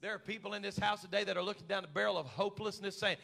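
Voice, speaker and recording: A male pastor, preaching a fervent sermon to his church and swinging between loud shouted calls and quiet, close prayer. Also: high voice, fairly even intonation, racing, creaky. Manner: preaching with rising shouted fervor. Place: church sanctuary.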